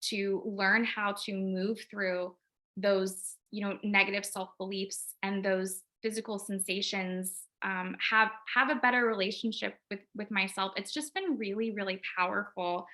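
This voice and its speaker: A woman guest speaking earnestly about her experience, halting with many restarts, and close to tears. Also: mid-range voice, steady tone, bright, forceful tone. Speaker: guest, LSAT tutor. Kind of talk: emotional personal interview talk.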